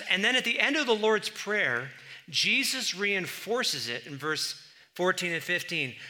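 A man preaching a sermon, animated, pushing louder for emphasis and breaking into conversational asides. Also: a little slow. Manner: animated, rises in pitch and volume for emphasis.

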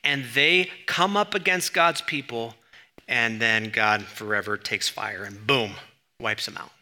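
Bright, sharp-voiced male preacher. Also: mid-range voice, a little slow. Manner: conversational and emphatic, with sudden bursts of stress. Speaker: pastor. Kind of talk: sermon teaching.

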